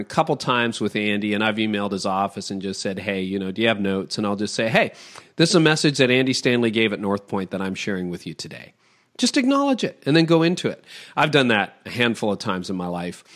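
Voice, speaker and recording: Animated middle-aged pastor from Toronto. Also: male voice, mid-range voice. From Toronto, Canada. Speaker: pastor and podcast guest. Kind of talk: conversational podcast interview.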